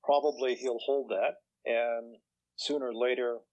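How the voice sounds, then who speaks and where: A man's voice: mid-range voice, steady tone, measured pace, a little mellow, lo-fi sound. Older man telling stories. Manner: chatty, acts out quoted voices, chuckles through punchlines. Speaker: guest author. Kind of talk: relaxed anecdotal storytelling.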